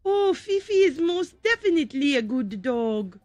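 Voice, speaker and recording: A woman's voice: high voice, sing-song, normal speed, a little mellow, no echo, soft background music, pitched above the performer's own voice. A woman voicing a friendly French neighbor in a video game, with a put-on French accent and a playful, hammy reading.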